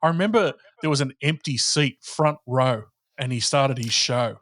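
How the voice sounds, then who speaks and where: A man's voice: mid-range voice, moderate pace, fairly bright tone, no echo. A man, a podcast guest telling stories in casual chat and swearing freely.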